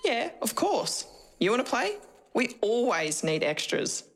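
A woman's voice: on the high side, sing-song, measured pace, voice pushed up, full character voice. A woman with an Australian accent reading the lines of a friendly, chatty nurse in a storybook, in a breezy manner. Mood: inviting. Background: background music.

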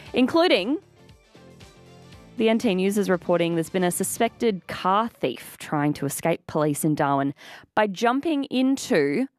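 An Australian woman hosts breakfast radio from a studio mic, chatty and playful. Her voice sits a little low and swings widely in pitch. Soft music plays faintly behind her. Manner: chatty and playful, with lively laughs. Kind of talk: casual radio chat. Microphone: studio microphone.

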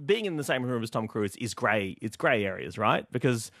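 A man's voice: medium pitch, normal speed, dry recording, studio quality. A man from Australia, a stand-up comedian and TV host, telling anecdotes as a guest in an interview. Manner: animated, laughing anecdotes with quoted voices.

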